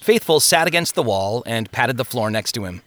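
Expressive male storyteller, bright voice. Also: mid-range voice, moderate pace, no echo. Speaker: audiobook narrator. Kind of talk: scripted narration.

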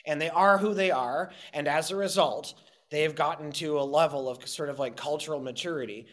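Passionate fast-rambling man from Montreal. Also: a little high, fairly bright tone. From Montreal, Canada. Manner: passionate, rambling, swears freely. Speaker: guest. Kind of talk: candid interview talk.

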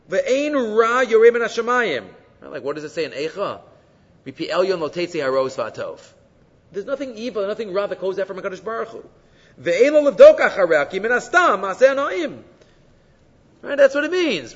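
A high-voiced man leads a Torah class, his pitch swinging widely as he asks question after question. His voice carries a long hall reverb and sounds a bit muffled, as if captured from across a big room. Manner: animated, mixes Hebrew quotes into English explanation. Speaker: Torah teacher.

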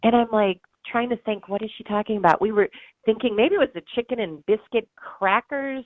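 A little high and brisk, a middle-aged woman's voice comes through a dry, tinny, phone-like recording. She's an author and bereaved mother being interviewed, earnestly sharing an emotional story, acting out what others said and laughing through tears.

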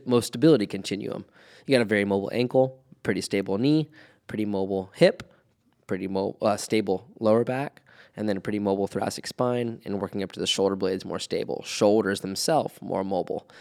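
A lower-pitched man lays out a movement assessment method. He moves through terms and body parts in a steady, orderly way. The tone is calm conversation between colleagues. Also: fast, creaky. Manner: methodical, lists terms step by step. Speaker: movement practitioner. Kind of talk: conversational explanation.

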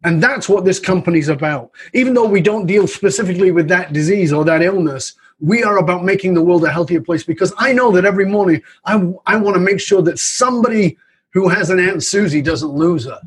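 Male speaker, fairly high, very husky voice, animated storyteller for an interview. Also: fairly quick. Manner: animated, acts out voices in anecdotes. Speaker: author and leadership speaker. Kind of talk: storytelling in conversation.

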